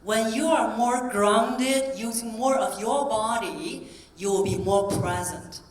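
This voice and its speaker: A woman voice coach giving a keynote talk to a convention audience, animated and demonstrative, asking the crowd questions. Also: a little high, slow pace. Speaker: voice coach and speaker. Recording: roomy echo from a distance, faint ambience.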